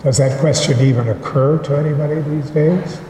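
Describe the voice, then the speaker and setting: A man preaching a sermon as pastor, in a slow and measured way with deliberate pauses. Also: fairly high pitch, fairly even intonation, warm tone, a little hiss or hum. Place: church sanctuary. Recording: echoey church hall with long reverb.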